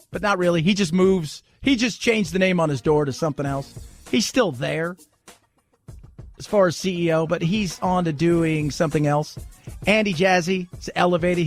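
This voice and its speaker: Male talk radio host, high voice, sarcastic and animated, light music underneath. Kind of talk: talk radio monologue and ad read.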